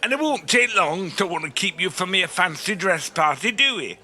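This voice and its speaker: An actor playing a prim, patient lawyer who speaks precisely and formally in a comedy audio drama. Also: male voice, high-pitched, animated, normal speed, bright, forceful tone, full character voice.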